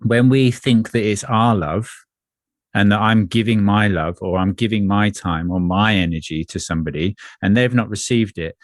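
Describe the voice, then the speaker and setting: A man speaking as an energy coach in a spiritual conversation, earnest and measured, often repeating phrases. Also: fairly low pitch, no echo, studio quality.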